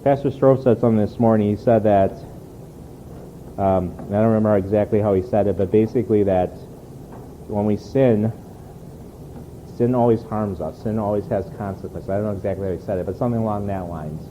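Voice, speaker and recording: A man's voice: on the low side, steady tone, brisk, muffled recording, a little hiss or hum. A man preaching a sermon in an earnest, conversational way, often repeating words as he restarts. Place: church.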